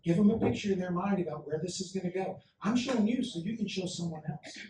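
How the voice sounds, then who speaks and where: A man speaking as a conference keynote speaker, telling stories with lively, acted-out quotes. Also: high voice, quick pace, noisy background. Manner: animated storyteller, acts out quotes. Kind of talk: motivational keynote talk. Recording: echoey hall, mic from a distance.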